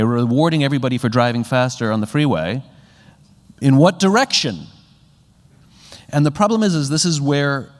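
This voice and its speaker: A man giving a conversational keynote talk on leadership to a live audience, acting out little bits of dialogue as he goes. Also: mid-range voice. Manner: conversational, acts out quoted dialogue with rising animation. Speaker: speaker on leadership. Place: large hall with a live audience. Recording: reverberant hall.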